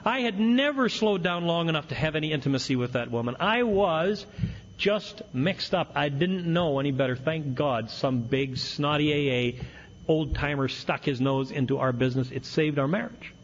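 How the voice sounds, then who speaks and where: A man's voice: on the high side, normal speed, long reverb tail. A middle-aged man giving a humorous recovery talk as a speaker at a meeting, earnest with a wry streak. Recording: dull lo-fi recording with faint hiss.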